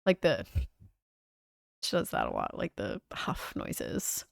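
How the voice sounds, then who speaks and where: A woman's voice: very deep voice, wildly swooping pitch, slow, vocal fry, no echo, studio quality. A young woman streamer chatting casually and relaxedly, with lots of "like" fillers. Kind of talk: casual livestream chat.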